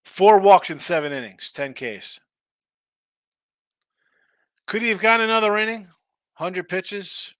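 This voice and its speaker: A man's voice: high voice, animated, takes it slowly, long pauses, a bit bright, dry recording. A man hosting a sports betting live stream, rambling and thinking aloud in casual chat. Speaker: sports betting show host.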